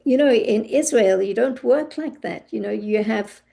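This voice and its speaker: A woman's voice: a little high, normal speed, gravelly, dark tone. A woman teaching a class, speaking thoughtfully and searching for words with frequent restarts. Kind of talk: class discussion.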